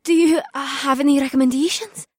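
A man voicing a shy, bookish young woman from another world, speaking softly and breathily in an audiobook. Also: extremely high pitch, fairly even intonation, a little fast, no room sound, clean studio sound, voice pushed up. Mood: wondering. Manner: breathy, soft, reverent. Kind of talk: audiobook character voice.

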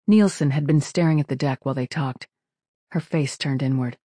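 A man narrating a science fiction audiobook in a steady, measured way. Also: medium pitch, no echo. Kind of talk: scripted narration.

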